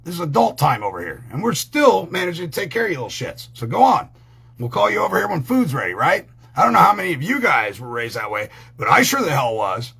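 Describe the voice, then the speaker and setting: Brief: profane male host, husky voice, pitch swings wide, rambling and heated. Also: very animated, a little fast, sharp tone. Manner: rambling, crude, heated and emphatic. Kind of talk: profane ranting talk.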